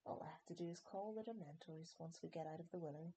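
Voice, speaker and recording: A woman's voice: low voice, fast talker, dark tone, a little hiss or hum, poor audio. A woman voicing a cold, vengeful male potions professor in an audiobook reading, sneering and menacing.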